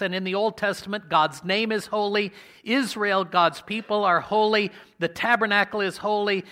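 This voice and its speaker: A man preaching a sermon in a conversational way, asking his congregation questions and slowing down to stress key words. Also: high voice, pushed and bright. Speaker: pastor.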